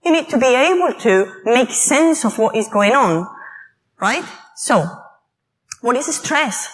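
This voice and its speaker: A woman giving a conference talk on mental health, telling personal stories in an animated way and acting out quoted voices. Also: on the high side, slow pace, poor audio. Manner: lively, animated storytelling with acted-out quotes. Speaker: conference speaker. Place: conference hall.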